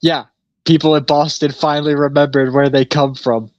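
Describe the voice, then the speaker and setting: A man's voice: on the high side, level tone, moderate pace, darkish tone, dry recording. Chill podcast guy rambling through a story, cusses a lot, dry dull-sounding mic. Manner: laid-back storyteller, swears freely, laughs often. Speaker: podcast co-host. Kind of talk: casual chat.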